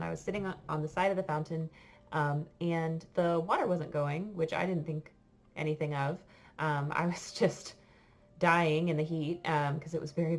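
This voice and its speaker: An American woman, a French teacher, telling a story to her class in a chatty, halting way with many fillers. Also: low voice. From United States.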